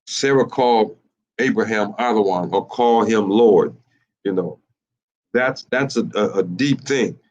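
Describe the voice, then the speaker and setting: A man, teaching in a sermon style, halting and repeating himself, with many fillers and rhetorical questions. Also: on the low side, a little mellow, slight background noise. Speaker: teacher of a religious group. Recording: muffled lo-fi recording.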